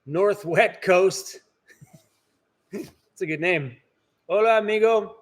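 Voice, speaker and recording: A man's voice: sits high, takes it slowly. A man hosting a casual live stream from inside his workshop, chatting and answering viewer comments. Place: indoor workshop.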